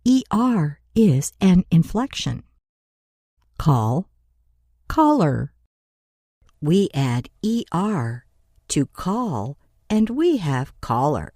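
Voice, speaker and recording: Woman teaching grammar super slow, low lively voice, mellow tone. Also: no echo, studio quality. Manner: slow, deliberate, spelling out letters for learners. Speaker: English teacher. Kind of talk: scripted grammar lesson narration.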